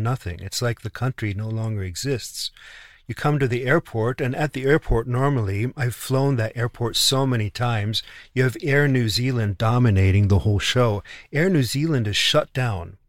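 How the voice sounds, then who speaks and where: A man's voice: medium pitch, moderate pace, no echo, clean studio sound. A man telling a travel story in casual chat, indignant, often repeating and restarting words.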